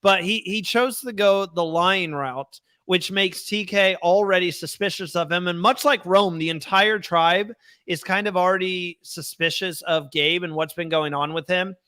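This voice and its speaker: A young man co-hosting a fan podcast, his voice high and bright. He sounds smooth and crisp, close and dry with no room sound. He chats casually and with energy. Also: measured pace, dry recording. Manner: animated, reads chat comments aloud. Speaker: podcast co-host. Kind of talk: casual chat.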